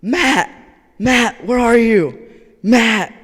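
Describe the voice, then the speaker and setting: A man voicing a group of rowdy, drunk young men loudly calling for their friend. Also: extremely high pitch, drawn-out words, husky, big-room sound, voice pushed up, exaggerated voice. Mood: drunken shouting. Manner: loud, yelling.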